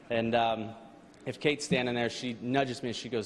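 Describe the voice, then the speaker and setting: A man's voice: mid-range voice, steady tone. Race driver guy thanking everyone at a banquet, earnest, stumbles a lot, big echoey hall. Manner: earnest, halting, with frequent restarts and fillers. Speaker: race car driver giving an awards speech. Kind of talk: heartfelt thank-you speech. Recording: long hall reverb, faint background noise.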